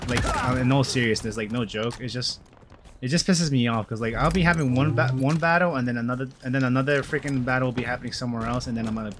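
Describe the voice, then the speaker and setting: A young man giving casual, slangy gameplay commentary, swinging between mumbles and loud excited outbursts. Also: mid-range voice, slight background noise. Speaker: gamer. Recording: game gunfire loud behind voice.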